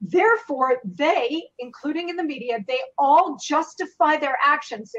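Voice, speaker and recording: High-voiced woman guest on a dull line. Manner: forceful, fluent argument. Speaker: guest commentator. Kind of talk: remote interview.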